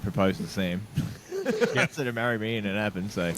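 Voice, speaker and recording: Man, low voice, podcast co-host, chatty storyteller with lots of laughs, faint hiss. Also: normal speed. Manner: laughs often while telling stories. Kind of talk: casual storytelling chat.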